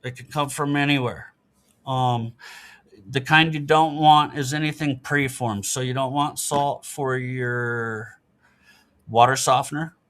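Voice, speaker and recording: In a casual podcast interview, a middle-aged male guest explains things in an earnest, matter-of-fact way. His medium-pitched voice is a bit bright, steady in tone, and measured in pace.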